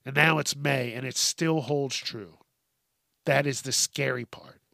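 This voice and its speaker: A man's voice: mid-range voice, fairly even intonation, unhurried, gravelly, bright, forceful tone, dry recording, studio quality. A man hosting a podcast, ranting with heated, sweary sarcasm. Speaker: podcast host. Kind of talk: profane comedic rant.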